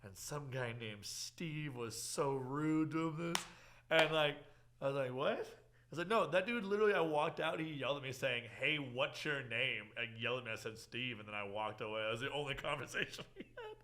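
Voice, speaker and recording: Speaking a little fast at medium pitch, a young man hosts a laid-back podcast. He tells his stories with energy, performing the quotes and laughing often.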